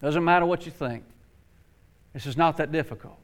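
A man preaching a sermon, swinging from quiet, low passages to impassioned, climbing outbursts. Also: brisk. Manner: impassioned, rising to near-shouts, then dropping low.

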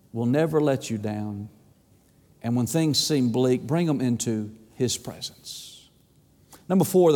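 Man preaching in an echoing church. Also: medium pitch. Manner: emphatic preaching, repeats phrases, swings loud and soft. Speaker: pastor. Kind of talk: sermon. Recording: long reverb of a church hall.

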